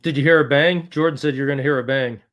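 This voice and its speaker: A man's voice: on the high side, fairly even intonation, fast talker, fairly bright tone. A man hosting a live show, cracking jokes with his guests. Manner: joking and wisecracking. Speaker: host.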